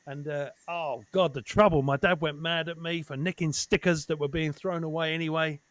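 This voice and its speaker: A fairly high-pitched man from Essex chatting as a comedian guest, animated and sweary and hammering his points with repetition. His voice sits close and dry on the mic. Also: normal speed, dry recording. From Essex, England. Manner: animated, sweary, repeats himself for emphasis. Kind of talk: casual chat.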